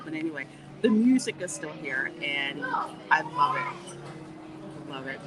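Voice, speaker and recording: A woman hosting a casual livestream while walking through a theme park, reading viewer comments and chatting in an animated way. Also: low-pitched, slow pace, crowd noise. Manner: chatty and animated, warm greetings, laughs often. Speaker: livestream host. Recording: noisy outdoor livestream audio. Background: park ambience and music.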